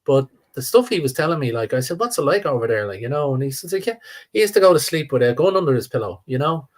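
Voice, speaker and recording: A man's voice: a little high, animated, quick pace. Older Irish man, rambling. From Ireland. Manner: rambling, repeats words, trails off. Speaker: guest. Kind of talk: casual live-stream chat.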